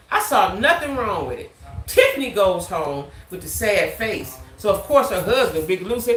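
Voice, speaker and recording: A woman's voice: on the high side, normal speed, echoey room, soft background music. A woman hosting a live stream, giving casual, emphatic commentary on a reality show and talking straight to her viewers. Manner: animated, emphatic, talks to viewers.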